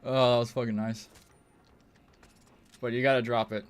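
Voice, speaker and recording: A man's voice: medium pitch, level tone, moderate pace, clean tone. Profane rambling male game streamer. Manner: rambling, profane, laughs often. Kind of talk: casual gaming commentary.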